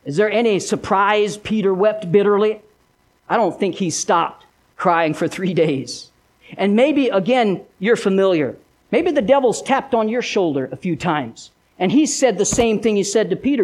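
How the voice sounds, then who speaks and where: A male pastor preaching a sermon in a dramatic storytelling way, swinging between loud emphasis and hushed, low lines. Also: animated, normal speed.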